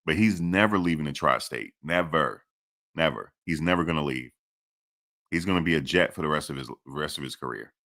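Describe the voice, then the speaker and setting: A man's voice: extremely low pitch, animated, brisk, sharp tone. A man hosting casual sports commentary, emphatic and repetitive, swearing casually as he makes his points.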